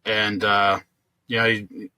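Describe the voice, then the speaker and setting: A man's voice: lowish voice, flat delivery, takes it slowly, sharp tone, no echo. A man co-hosting a podcast, telling a long story in casual chat, rambling with lots of fillers and restarts. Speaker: podcast co-host.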